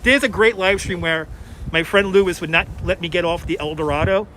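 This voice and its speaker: A man chatting as a local guide on a live stream, quick to laugh, outdoors on a boardwalk. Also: high-pitched, bright, forceful tone, low-quality recording. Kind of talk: casual chat on a live stream. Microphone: wireless clip-on mic. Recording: city traffic noise outdoors.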